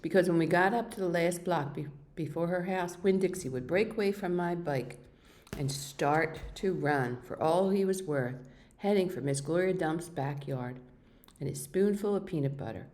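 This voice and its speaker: A woman reading a children's novel aloud, with steady, expressive storytelling. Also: fairly low pitch, normal speed. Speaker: reader.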